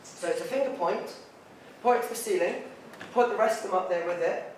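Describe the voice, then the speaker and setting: A man presenting a playful science show to a theatre audience, leading call-and-response with sudden loud shouts. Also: high voice, fairly quick. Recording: echoey hall from far off, loud crowd noise.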